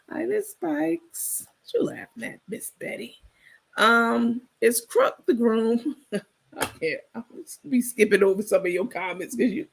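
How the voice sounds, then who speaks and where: A livestream host, a woman with a gravelly, breathy, medium-pitched voice, chats casually with viewers. She's blunt and sassy, swears freely, and laughs often.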